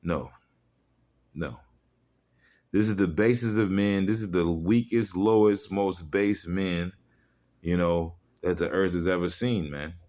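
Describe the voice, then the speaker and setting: Deep-voiced man in a fiery rant. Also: steady tone, slow pace, pauses often. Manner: fiery, mocking, profane, drops into quiet asides; reads scripture aloud in old-style wording. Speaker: street-style preacher. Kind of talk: heated religious video rant.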